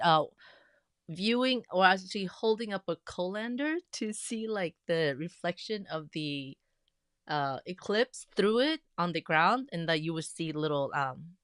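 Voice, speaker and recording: A woman hosting a casual craft livestream, chatting and greeting viewers by name with bursts of excitement. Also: on the low side, clear, resonant tone, no room sound, studio quality. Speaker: livestream host of a quilting group.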